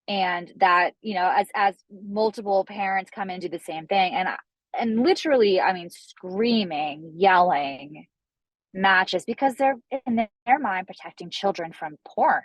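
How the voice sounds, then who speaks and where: A woman's voice: mid-range voice, lively intonation, moderate pace, no room sound, poor audio. A woman author, a guest in a library discussion, explaining earnestly with frequent restarts. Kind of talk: discussion talk.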